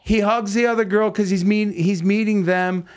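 Male podcast host, slightly higher voice, acts out quotes in casual studio storytelling. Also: normal speed, clean tone. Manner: animated storyteller acting out quotes.

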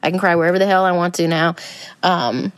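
A woman's voice: fairly low pitch, steady tone, fairly quick, no echo. Chatty woman with a dry close voice. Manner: rambling, conversational, many fillers. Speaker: podcast host. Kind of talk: casual spiritual self-help talk.

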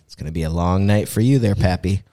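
A man's voice: low-pitched, fast talker, dark tone, no echo, studio quality. A man hosting a podcast in casual chat, also giving an upbeat sponsor read. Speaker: podcast host.

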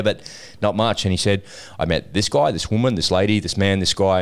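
A man hosting a casual business podcast, chatty and encouraging, telling stories about tradespeople. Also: deep voice. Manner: chatty storyteller, relaxed and encouraging. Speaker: podcast host.

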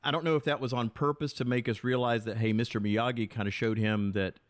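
A man's voice: medium pitch, steady tone, a little fast, no echo, clean studio sound. Chatty man guest on a podcast. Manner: chatty, enthusiastic, with frequent restarts. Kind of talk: casual podcast chat.

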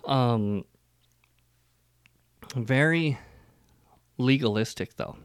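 A man with an ordinary mid-range voice, recorded close and dry. He tells stories in a relaxed, rambling way, full of fillers and self-corrections. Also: mid-range voice, extremely slow, smooth, no echo. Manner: loose rambling joke-telling with many fillers and restarts. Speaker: podcast co-host telling his faith story. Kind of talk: casual conversational storytelling.

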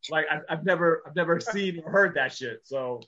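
A man's voice: fairly high pitch, moderate pace, bright, forceful tone. A man in a casual podcast chat, joking crudely and acting out voices in his stories. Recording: dull, lo-fi mic sound.

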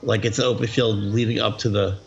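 Lower voiced guy with a gravelly edge picking apart a movie scene, kinda muffled. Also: level tone, fairly quick, faint music behind. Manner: laid-back, questioning, storytelling. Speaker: podcast co-host. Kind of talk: casual movie commentary chat. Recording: dull lo-fi audio.

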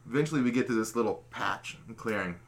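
A man's voice: medium pitch, animated, fast talker, gravelly. A man telling a long funny story from his childhood in casual, profane, self-mocking chat. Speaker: podcast host telling a story. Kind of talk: casual storytelling among friends.

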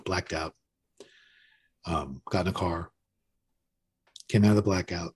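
Deep, slightly rough and a little mellow, this man's voice moves somewhat slowly. He's a podcast guest in his fifties, telling his recovery story in conversation with candor, self-mockery and frequent restarts.

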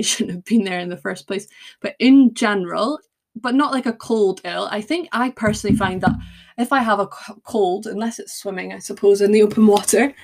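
Young woman rambling on her podcast, bit of vocal fry, laughs at her own slip-ups. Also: mid-range voice, a little mellow. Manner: chatty, self-deprecating, frequent fillers and tangents. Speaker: podcast host. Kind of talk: casual solo podcast chat.

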